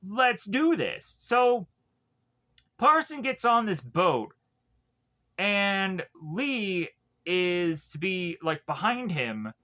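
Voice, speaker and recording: A man with a slightly high, bright and forceful voice walks through a movie's plot in a rambling, casual way. He keeps stopping to correct himself and paraphrases the characters in his own words. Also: big pitch swings, drawn-out words, long pauses. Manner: rambling, with many fillers and self-corrections; quotes characters in loose paraphrase. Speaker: film reviewer.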